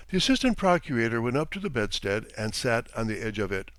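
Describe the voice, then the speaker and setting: A man reading a classic short story aloud in an expressive, measured narration. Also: medium pitch, no echo. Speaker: audiobook reader. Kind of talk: audiobook narration.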